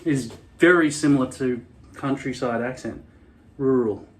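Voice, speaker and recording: A man's voice: medium pitch, fairly even intonation, normal speed, a little mellow. A man with an Australian city accent, hosting a hairpiece vlog in a rambling, wry, self-deprecating way. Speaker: hairpiece channel host. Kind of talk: casual vlog monologue.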